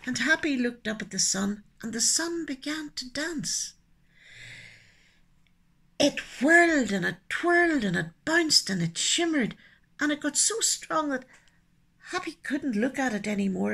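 A woman telling stories to children, her voice husky and strongly gravelly. She swings her pitch widely, lingers on lines and sometimes drops into hushed asides. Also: measured pace. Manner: expressive, with soft hushed asides. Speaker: storyteller and poet. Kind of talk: children's storytelling.

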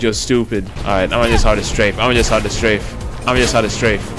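A man giving excitable, swearing commentary over gameplay and reviewing the game. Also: lowish voice, quick pace, hardly any pauses, music in the background. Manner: loud excitable outbursts, swearing. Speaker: gaming YouTuber.

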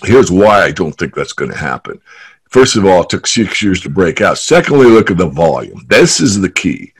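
Husky low-voiced man, animated trader. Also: moderate pace. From San Francisco Bay Area. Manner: animated storyteller, jokes. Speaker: guest, trader. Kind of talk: casual interview talk.

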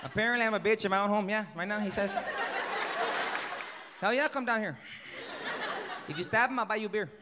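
A man doing stand-up comedy and crowd work on a club stage, talking in a lively way and slipping into voices for his characters. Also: sits high, fairly quick, long pauses, very noisy. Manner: animated, puts on voices for characters. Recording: live comedy club with loud crowd and long reverb. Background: loud audience laughter.

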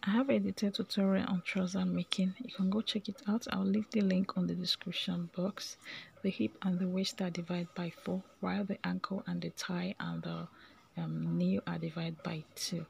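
Gravelly low-voiced woman teaching sewing. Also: level tone, normal speed, darkish tone. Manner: chatty, checks in with "okay?" often. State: voice breaking, partly whispered. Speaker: sewing tutor. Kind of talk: casual step-by-step sewing tutorial.

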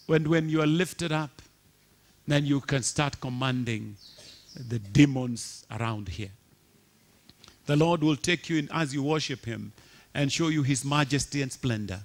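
A man's voice: mid-range voice, a little slow. A man preaching a sermon with passion, repeating rhetorical questions to the congregation.

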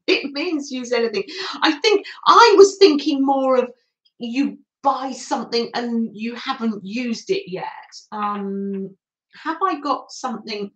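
An older woman hosts a craft livestream at an unhurried pace. Her voice sits a little high, and she chats and gushes as she answers comments from viewers. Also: fairly bright tone, muffled recording. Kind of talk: casual craft livestream chat.

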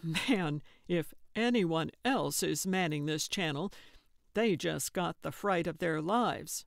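A woman's voice: low voice, slow, gravelly, no echo, heavily acted. A woman voicing an exasperated, dry-witted male sidekick in an audiobook, speaking with weary sarcasm. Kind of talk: audiobook character voice.

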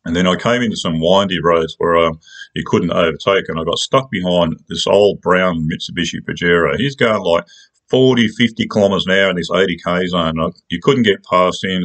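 This is a man with an Australian accent and a low, deep voice, telling a personal story. He talks in a casual, colloquial way, rambling and restarting his sentences as he goes. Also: brisk, fairly bright tone.

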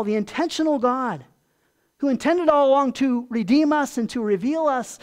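With a down-home, conversational tone, a pastor works through his sermon, asking the congregation questions and sinking soft and low on tender points.

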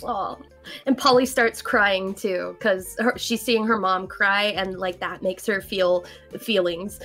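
Woman player, slow and bright-toned, giggly. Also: mid-range voice, steady tone, soft background music. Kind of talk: casual play narration.

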